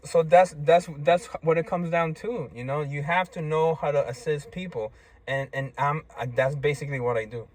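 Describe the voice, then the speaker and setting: A man's voice: fairly high pitch, no room sound. Rambling man full of "right?" asides. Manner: rambling, repeats "right?" and "you see?"; stammering restarts. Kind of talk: casual monologue.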